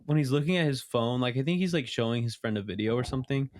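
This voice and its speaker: A man's voice: medium pitch, expressive, fast, darkish tone. A young man hosting a podcast in a casual chat, telling a story with lots of animation and frequent laughter. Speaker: podcast host.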